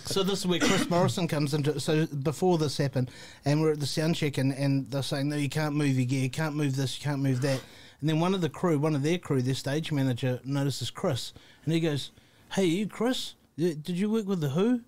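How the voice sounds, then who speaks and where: A man's voice: fairly high pitch, brisk, few pauses. A man with a New Zealand accent, a guest musician telling a tour story in casual chat and acting out the voices of the people in it. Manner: animated anecdote-telling, acts out quoted voices.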